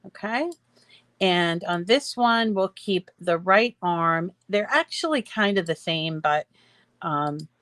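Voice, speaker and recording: Female craft tutor, slow and chatty, dry close mic, talks viewers through each step. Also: medium pitch, a bit bright, dry recording. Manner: chatty, explains step by step with fillers. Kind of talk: screen-share craft tutorial.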